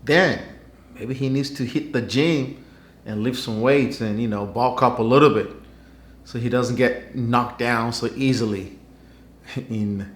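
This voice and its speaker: A channel host with a medium-pitched voice talks at a measured pace, delivering wry and skeptical news commentary in a conversational way. The vlog's recording space is roomy and echoey.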